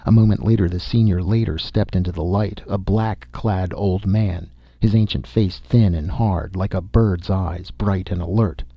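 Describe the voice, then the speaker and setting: A man narrating a science fiction story in a steady, measured reading. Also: deep voice, vocal fry, breathy edge, no room sound. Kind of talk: audiobook narration. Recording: dull, lo-fi dry recording.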